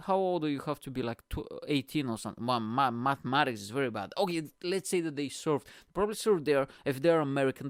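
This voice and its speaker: A man's voice: mid-range voice, smooth, no echo, clean studio sound. A man hosting his own podcast, rambling from tangent to tangent with a joking, heavily profane manner. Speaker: podcast host. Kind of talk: casual solo podcast rambling.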